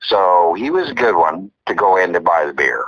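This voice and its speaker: An older man telling a story in casual chat, animated, repeating himself and acting out quotes. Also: deep voice, moderate pace, a little hiss or hum, low-quality recording.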